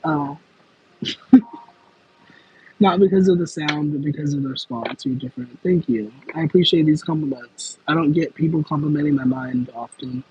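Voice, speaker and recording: A man's voice: a little high, moderate pace, warm tone, lo-fi sound, slight background noise. A young man chatting casually on a livestream, answering viewer comments in a rambling, self-aware way. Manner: rambling, self-aware, with frequent fillers and laughs. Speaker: livestream host.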